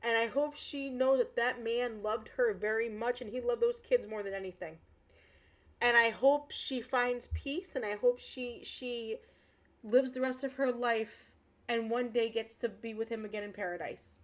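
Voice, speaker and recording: A woman streamer talking casually to her chat in a fairly high voice. She speaks with earnest passion, circling back over her points. She sounds emotional, close to tears. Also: fairly even intonation, moderate pace. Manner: impassioned, earnest, repeats herself. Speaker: livestreamer. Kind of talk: casual livestream chat with viewers.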